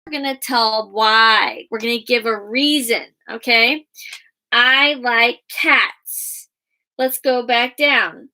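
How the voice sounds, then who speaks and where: A woman teaching young children a guided reading and writing lesson in a slow, sing-song teacher voice, spelling words out letter by letter. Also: a little high, sharp tone. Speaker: kindergarten teacher.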